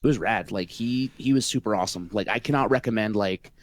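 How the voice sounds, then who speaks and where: A man's voice: lowish voice, fast, dry recording. A man telling a long story in a casual podcast chat, rambling with lots of filler words and swearing freely. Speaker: podcast guest, local event organizer.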